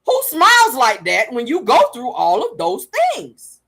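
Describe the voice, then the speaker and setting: A woman's voice: sits high, wildly swooping pitch, a little slow, vocal fry, fairly bright tone. A woman vlogger giving sassy, blunt gossip commentary from her car, laughing often and swearing freely. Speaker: vlogger and show host.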